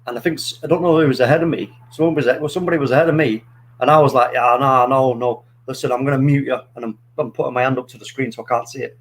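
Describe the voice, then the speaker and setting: A man's voice: mid-range voice, very fast, husky, rough recording. Rambling man chatting about football. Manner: rambling, animated storytelling with many restarts. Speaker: podcast host. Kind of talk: casual football chat.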